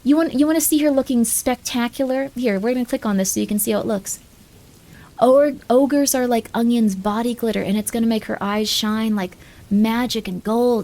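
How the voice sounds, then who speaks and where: Gravelly woman streamer rambling. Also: a little high, normal speed, dark tone. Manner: rambling, joking, self-interrupting. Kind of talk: casual live-stream chat.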